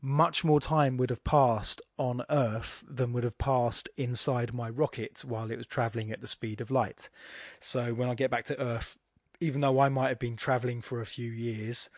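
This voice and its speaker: Male podcaster, mid pitch, rambling and self-mocking, dry close sound. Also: no room sound. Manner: rambling, self-deprecating, many restarts and asides. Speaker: podcast host. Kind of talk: casual solo podcast talk on poetry and philosophy.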